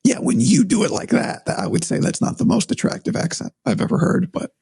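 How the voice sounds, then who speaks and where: A man talking casually on a podcast, hoarse and raspy after vocal cord surgery, thoughtful and hedging. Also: sits high, very animated, fairly quick, dark tone, dry recording. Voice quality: raspy, breathy. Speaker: sports broadcaster.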